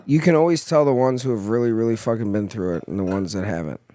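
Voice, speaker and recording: A young man, a former Marine, casually telling profane stories on a podcast in an animated way. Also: lowish voice, fast. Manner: profane storytelling, animated in anecdotes. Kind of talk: casual chat.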